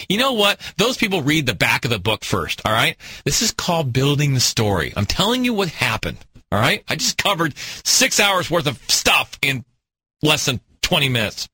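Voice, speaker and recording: A man hosting a radio talk show, telling a comic story with animated, exaggerated cries of alarm. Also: a little high, moderate pace, breathy edge, no echo, soft background music. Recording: radio studio mic.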